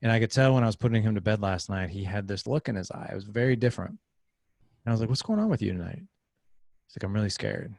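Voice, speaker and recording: A man in his thirties talks as a podcast guest, his voice low and rough with vocal fry. He tells a story with energy and acts out the other voices in it. The sound is dry and close, with no room echo. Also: quick pace. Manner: animated storyteller acting out quoted voices. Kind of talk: casual interview storytelling.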